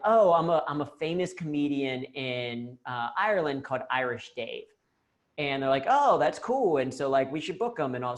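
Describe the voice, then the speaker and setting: An American man giving a lively, jokey talk on humor at work during a video-call Q&A. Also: mid-range voice. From United States. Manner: animated, jokey, self-deprecating. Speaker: humor and leadership speaker.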